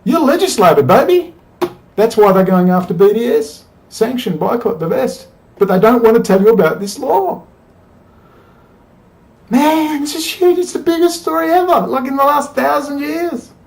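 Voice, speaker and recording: A man's voice: very high-pitched, lively intonation, unhurried, gravelly, pauses often, poor audio. A man hosting a political commentary, ranting in an angry, profane, rambling way. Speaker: commentary host.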